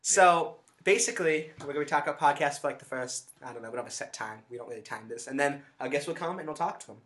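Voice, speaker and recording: A man's voice: on the high side, lively intonation, racing, a bit bright. A man co-hosting a casual podcast from a home basement, joking and laughing often. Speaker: podcast co-host. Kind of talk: casual chat.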